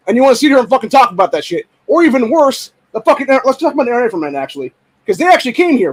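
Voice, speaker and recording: Brief: young male host, high and quick, heated profane rant that often turns to shouting. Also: sing-song, slightly rough, low-quality recording. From Ohio. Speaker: podcast host. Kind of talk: angry political rant.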